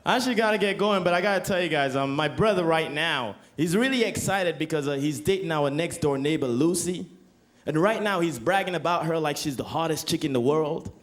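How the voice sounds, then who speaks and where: High-voiced Canadian stand-up comedian, a man. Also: a little fast.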